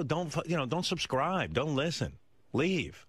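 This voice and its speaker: A man hosting a radio show, telling stories in an animated, exasperated way in casual chat. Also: on the high side, measured pace, slightly rough, dry recording. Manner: animated storytelling, exasperated rants. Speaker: radio host.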